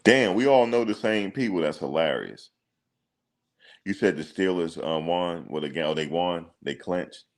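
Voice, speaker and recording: Very deep gravelly-voiced man chatting. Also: normal speed. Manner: relaxed slangy banter, thinks aloud with ums. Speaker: reaction streamer. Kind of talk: casual chat reading viewer comments.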